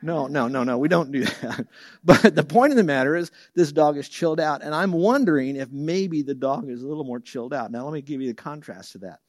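A Bible teacher preaches a sermon full of homely stories, his voice leaping high and loud for the people he quotes, then dropping soft and low for the reverent verses. He speaks a little fast, in a dry, studio-quality recording.

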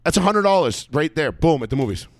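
A man's voice: fairly high pitch, big pitch swings, quick pace, no room sound, clean studio sound. A married man co-hosting a casual talk show, complaining about prices in a wry, sarcastic way. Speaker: podcast co-host.

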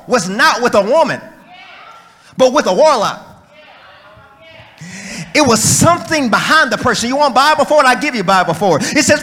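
A preacher man with a very high, bright, ringing voice drives his sermon in rhythmic refrains, calling on the congregation to answer back. He builds his lines into shouted peaks and then drops low again. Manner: rhythmic call-and-response preaching with repeated refrains, rising to shouts.

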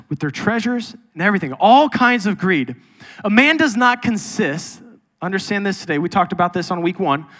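A man preaching a sermon as pastor, emphatic and swinging between loud and soft. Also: on the high side.

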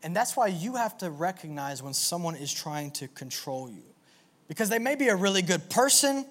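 A man preaching a sermon to a live audience in an animated, energetic way, with call-and-response. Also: sits high, normal speed. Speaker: pastor.

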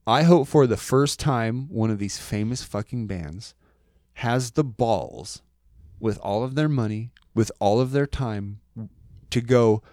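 A man guesting on a studio podcast, a bass player who talks in animated, profane bursts. His voice sits at a middling pitch. The sound is close and dry, with no room echo. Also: slow pace. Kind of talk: casual podcast chat. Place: recording studio.

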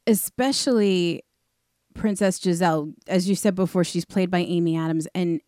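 A woman's voice: fairly low pitch, moderate pace, darkish tone, no echo, studio quality. Enthusiastic woman chatting about films. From New York area. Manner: enthusiastic, conversational, fillers like "like" and "you know". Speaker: podcast co-host. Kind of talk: casual movie discussion.

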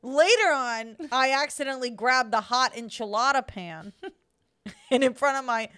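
A woman's voice: high-pitched, moderate pace, smooth. A woman co-hosting a podcast in casual chat, telling stories with lots of laughter and swearing. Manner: animated storyteller who laughs and swears often. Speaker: podcast co-host.

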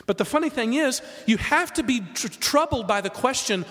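Man preaching, high voice, lively swooping pitch, echoing hall. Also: a little fast. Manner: animated, emphatic, rhetorical questions. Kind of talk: sermon. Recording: reverberant hall.

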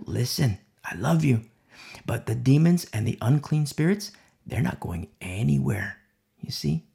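A man's voice: mid-range voice, expressive, unhurried, gravelly, mellow. A man preaching a sermon, emphatic and repetitive, often asking "you see?" and sometimes dropping to a near whisper.

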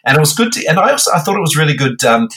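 An Australian man co-hosting a podcast, talking casually and haltingly with many ums and restarts. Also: fairly high pitch, big pitch swings, bright, forceful tone. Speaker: guest co-host.

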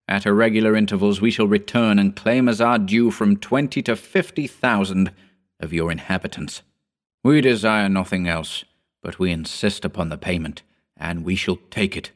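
A man's voice: on the low side, lightly acted. A man reading a story aloud, voicing the formal decree of a cold alien overlord. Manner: commanding, coldly formal decree.

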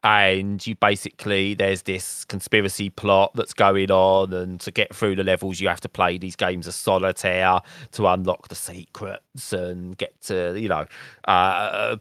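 A man with a lowish voice co-hosts a casual gaming podcast. He jokes in a dry, self-mocking way, and the sound is close and dry, with no room around it. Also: little pitch movement, unhurried, fairly bright tone, smooth, no room sound. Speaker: podcast co-host.

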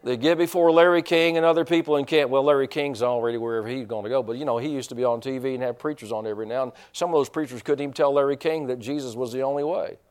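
A man's voice: mid-range voice, fast talker, few pauses, a little mellow, smooth. A man preaching a sermon in a folksy, joking way, restarting his sentences often. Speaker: pastor.

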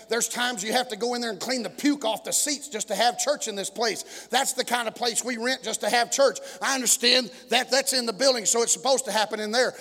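A man from Texas, a pastor preaching a sermon and telling stories, swinging between shouting and quiet murmuring. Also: extremely high pitch. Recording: long echoing hall reverb.

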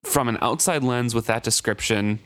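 A man co-hosting a casual book discussion, reading passages aloud and analyzing them in a measured way. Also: mid-range voice, fairly bright tone.

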